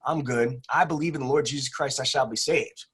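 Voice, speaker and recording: A man voicing a stubborn, devout man who calmly refuses to leave his flooding house, in a husky voice. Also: mid-range voice, a little fast.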